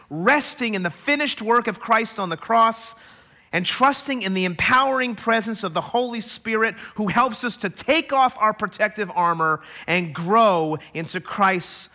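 A man preaching a sermon to a church congregation, emphatic and building to loud climaxes. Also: sits high. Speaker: pastor. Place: church stage.

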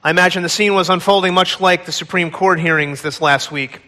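A man preaching a sermon in a church, retelling a scripture story with dramatic, expressive delivery. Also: high voice, brisk, in a large hall. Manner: dramatic storytelling, acting out pleas. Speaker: pastor. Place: large church hall.

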